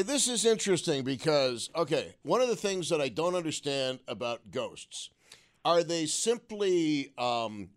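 Wry man hosting call-in radio. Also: a little high. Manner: musing, wry, asks probing questions. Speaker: radio talk show host.

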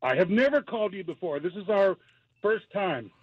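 A man's voice: high voice, lively intonation, slightly rough, no room sound. Jokey older man on a phone line. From London. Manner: jokey, quick with comebacks. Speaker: caller. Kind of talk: phone-in chat.

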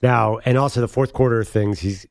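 A man's voice: mid-range voice, fairly even intonation, normal speed, gravelly, no echo. Guy cohosting sports talk radio, dry close studio sound, opinionated, chatty. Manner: opinionated, thinks aloud with restarts. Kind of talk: casual sports talk chat.

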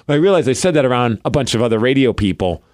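Racing along at medium pitch, a podcast co-host in his forties tells a casual story, dramatizing the quotes as an animated storyteller. He's from the US Pacific Northwest.

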